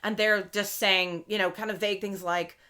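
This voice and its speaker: A woman co-hosting a podcast, recapping in casual chat and acting out quotes with animated voices. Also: medium pitch, normal speed. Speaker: podcast co-host.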